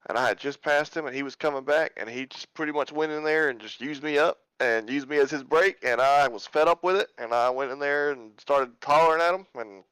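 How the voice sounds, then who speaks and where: A man's voice: on the high side, fairly quick, hardly any pauses, fairly bright tone, clear, resonant tone, dry recording, rough recording. A man who drives in a sim racing league, chatting casually on a podcast and telling stories in an easygoing way. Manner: easygoing, storytelling.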